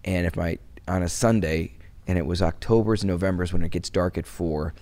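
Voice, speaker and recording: A middle-aged man from Wisconsin talks as an interview guest in a very low, gravelly voice. He rambles through his stories, restarting his sentences often, and grows softer when he turns to painful memories. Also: fairly quick. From Wisconsin, USA. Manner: rambling, many restarts, turns soft when recalling loss. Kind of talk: casual interview conversation.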